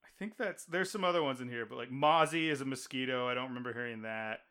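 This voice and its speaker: A man's voice: medium pitch, fast talker, crowd noise. An American man hosting a podcast, telling stories in casual chat with lots of laughs. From United States. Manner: laughing, animated storyteller. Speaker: podcast host.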